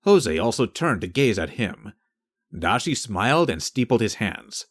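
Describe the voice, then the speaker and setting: A man narrating a science fiction audiobook in a steady storytelling manner. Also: lowish voice, measured pace.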